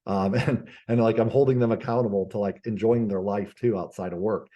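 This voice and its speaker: Business coach guest: male, low mellow voice, animated storyteller, loose with fillers and restarts. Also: a little fast, muffled recording. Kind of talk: conversational podcast interview.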